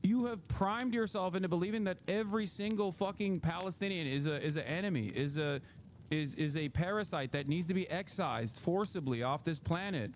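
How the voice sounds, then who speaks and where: A man's voice: sits high, brisk, a little hiss or hum. A man in his thirties reacting to clips on a live stream, ranting heatedly and swearing often.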